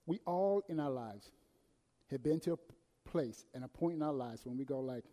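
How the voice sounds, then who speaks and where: A man preaching a sermon, swinging between loud emphasis and hushed, quiet passages. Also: mid-range voice, moderate pace. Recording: long hall reverb.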